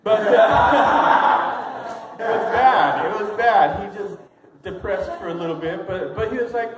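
A man's voice: high-pitched, lively intonation, a little slow. Rambling young man doing stand-up. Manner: rambling, hesitant, self-amused. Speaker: stand-up comic. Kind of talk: open mic stand-up storytelling. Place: small comedy venue. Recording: echoey room with clear noise.

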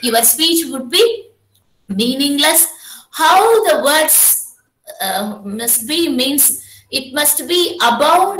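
A woman with a Tamil accent giving a webinar lecture on poetry, explaining slowly, switching between English and Tamil, and reciting verse aloud. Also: sits high, animated, fairly bright tone. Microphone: computer mic on a video call. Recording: echoey room with faint noise.

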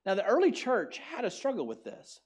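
A pastor giving an animated, emphatic sermon at a church service that is also streamed online, often putting questions to the listeners. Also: medium pitch, normal speed, breathy edge.

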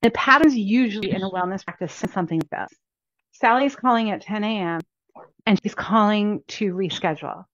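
A woman's voice: mid-range voice, fairly bright tone, no echo. A woman who is a chiropractor, giving an upbeat, chatty lesson to practice owners and repeating the key points. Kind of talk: instructional talk. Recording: dull, dry lo-fi recording.

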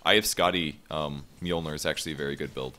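A man casting a live esports match, explaining builds and calling fights with rising excitement. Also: a bass voice, slight background noise. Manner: explanatory, lifts into fast excited calls during fights. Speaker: esports play-by-play caster. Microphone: home setup over an internet voice call.

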